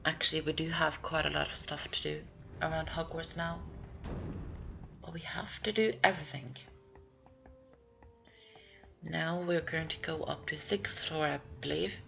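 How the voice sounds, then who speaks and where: A woman's voice: sits low, steady tone, a little slow, vocal fry, pauses often, fairly bright tone, a little hiss or hum. A woman giving casual, rambling commentary over a video game walkthrough, thinking aloud as she plays.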